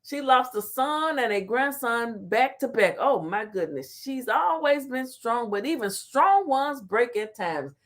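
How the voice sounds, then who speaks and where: Animated woman livestream host. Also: a little high, unhurried, hardly any pauses. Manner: animated, laughs often, talks back to chat. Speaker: talk show host reading live chat. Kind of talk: casual livestream chat.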